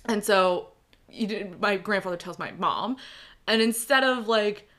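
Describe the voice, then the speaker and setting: Young woman on a podcast, bright voice, swears a lot, acts out every quote. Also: medium pitch, unhurried. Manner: animated storytelling, swears freely, acts out quotes. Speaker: podcast co-host. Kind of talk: casual chat.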